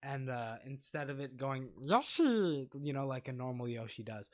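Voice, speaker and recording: Co-hosting a laid-back movie podcast, this man is playful and rambling, often cutting himself off to restart sentences. His mid-range voice stays fairly flat in pitch and moves along fairly quickly. He's recorded on a lavalier mic.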